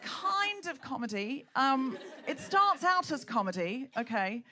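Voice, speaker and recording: Woman, live comedy host, animated crowd-rouser, lively voice with a slightly high pitch, faint audience behind. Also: measured pace. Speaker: podcast host. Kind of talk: live comedy podcast stand-up. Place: comedy venue stage before a live audience. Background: audience laughter.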